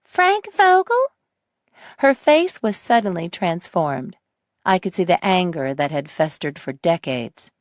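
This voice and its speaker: Slow, gravelly woman narrating. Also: on the low side, lively intonation, darkish tone, no echo, studio quality. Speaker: audiobook narrator. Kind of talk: scripted first-person narration.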